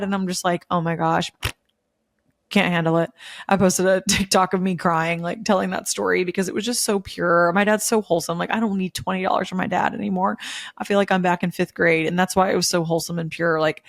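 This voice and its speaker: A woman in her thirties chats on her podcast in a gushing, emotional way, with plenty of "like" and "um" along the way. Her voice sits a little low for a woman. The sound is close and dry, with no room around it. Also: creaky, no room sound. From Memphis, USA. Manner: gushing, emotional, chatty with many fillers. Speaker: podcast host. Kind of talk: casual chat.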